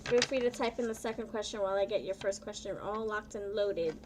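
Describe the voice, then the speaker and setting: A woman tarot reader chatting live with her viewers, bubbly and playful, often excited and drawing her words out. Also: medium pitch, fairly quick, background noise. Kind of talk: casual live-stream chat with viewers.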